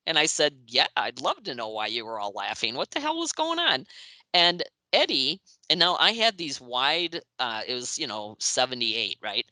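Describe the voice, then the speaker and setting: A woman in her sixties recounts old memories as an interview guest, her voice bright and forceful. She performs the quoted lines of others and laughs as she goes. The sound is close and dry. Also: very deep voice, no room sound, poor audio. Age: 60s. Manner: lively, acts out quoted voices, laughs often. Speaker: interview guest, music writer. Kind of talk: anecdotal storytelling in an interview.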